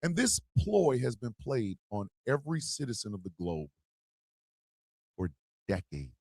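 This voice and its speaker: A man's voice: mid-range voice, sing-song, measured pace, vocal fry, darkish tone, slightly rough, no room sound, clean studio sound. A man hosting a livestream, delivering a blunt political monologue with emphatic repetition and swearing. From United States. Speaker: host.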